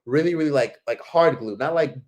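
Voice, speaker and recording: A man's voice: on the high side, brisk. A man casually telling a travel story to camera, rambling, swearing freely and leaning on filler words. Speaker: vlogger.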